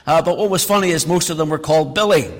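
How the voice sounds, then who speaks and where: A man's voice: on the high side, quick pace. A middle-aged male pastor preaching a sermon, reading scripture and then explaining it with emphatic, repeated phrases. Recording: long hall reverb.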